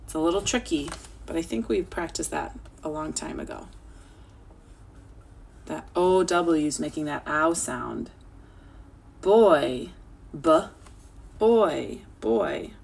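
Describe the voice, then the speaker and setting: A woman's voice: low-pitched, slow pace, creaky, long pauses, slightly rough. A woman teacher, patient and encouraging, sounding out and spelling words letter by letter for children over a video call. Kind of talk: slow, clear spelling lesson for children. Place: home, remote teaching.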